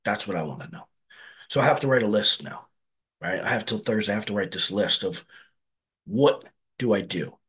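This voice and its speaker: At a recovery meeting, a man with a lowish, somewhat bright, husky voice shares his story at a normal speed, pausing often. He talks earnestly and conversationally, regularly asking his listeners "right?"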